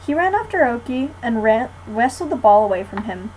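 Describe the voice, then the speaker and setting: A woman's voice: a little high, very animated, brisk, darkish tone, slight background noise, rough recording. Teen girl reading a storybook aloud. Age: teens. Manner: friendly, clear read-aloud. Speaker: guest reader. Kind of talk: reading a children's book aloud.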